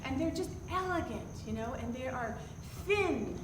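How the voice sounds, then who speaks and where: A woman telling a personal story to a live audience, animated and self-deprecating. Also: sits high, normal speed. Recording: roomy, distant mic with background noise.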